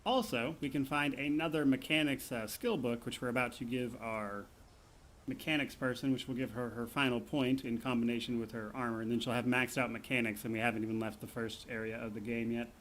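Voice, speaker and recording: A man giving casual let's-play commentary on a game, explaining choices in a relaxed way with plenty of ums and uhs. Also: medium pitch, fairly quick, slight background noise. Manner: relaxed, explanatory, with many fillers. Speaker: gaming streamer.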